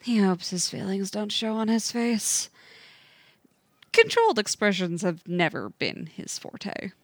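A woman narrating a fiction story aloud with an expressive, varied delivery. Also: mid-range voice, unhurried, no echo.

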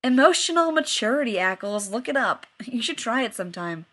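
A brash young man, crude and mocking, his taunts coming out loud and cheeky, as a woman reads him aloud. He swears freely and teases without pause, a storybook figure read by one reader. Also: medium pitch, husky. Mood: teasing.

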